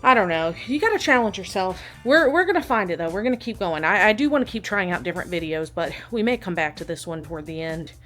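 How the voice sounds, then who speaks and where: A woman's voice: fairly low pitch, expressive, fast talker, hardly any pauses, a bit bright, soft background music. A young woman vlogging at home on a clip-on mic, rambling and joking at her own expense. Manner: rambling, self-deprecating, joking. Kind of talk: casual chatty workout vlog. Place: living room at home.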